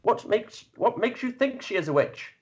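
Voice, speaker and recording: A man's voice: high voice, expressive, normal speed, muffled recording, pitched above the performer's own voice. A man doing a pompous questioning knight.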